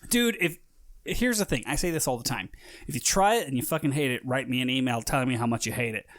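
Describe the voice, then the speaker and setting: A man's voice: mid-range voice, expressive, fast talker, a bit bright, no room sound, studio quality. Profane, joking podcast co-host man. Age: 30s. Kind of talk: casual chat.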